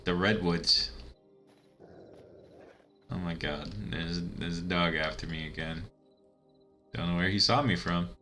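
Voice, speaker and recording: A man chats his way through a video game session in loose, rambling commentary, often laughing at his own tangents. His voice sits very low yet comes across bright and forceful. Soft game music plays quietly underneath. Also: fairly even intonation, slow, pauses often. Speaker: let's-play gamer. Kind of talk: casual gameplay commentary.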